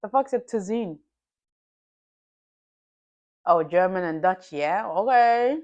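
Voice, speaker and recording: A woman's voice: medium pitch, lively intonation, slow, darkish tone, highs cut off. A woman streaming live as a futures trader, chatting loosely with viewers, swearing freely, and talking herself through a review of her trading day. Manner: reflective, self-coaching. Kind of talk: casual livestream chat and trade review.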